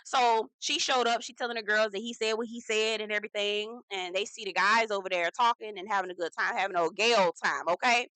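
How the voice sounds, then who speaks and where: A woman hosting a casual reality TV recap, talking in a sassy, profane, animated way and acting out the quotes herself. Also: medium pitch, brisk, hardly any pauses, dry recording, rough recording.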